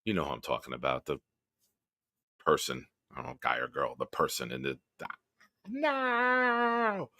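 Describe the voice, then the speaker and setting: A man's voice: rumbling low, fairly even intonation, fairly quick, creaky, pushed and bright, no echo, studio quality. A man hosting a live-stream sports chat, ranting profanely and heatedly, then chatting with viewers. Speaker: host.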